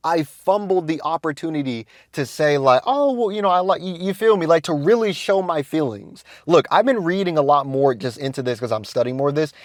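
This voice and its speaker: A young man vlogging casually, telling a story in a rambling, slang-heavy way that swings between hushed and excited. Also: on the high side, brisk, few pauses, no echo, studio quality. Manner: slangy, rambling, peppered with "you feel me" and "whatnot".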